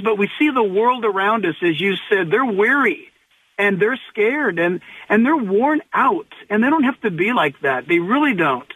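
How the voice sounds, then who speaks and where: A man, a pastor, speaking earnestly as a radio interview guest and slowing down to stress his points. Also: high-pitched, a bit bright. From Southern California. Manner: earnest, preacherly, slows for emphasis. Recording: tinny phone line.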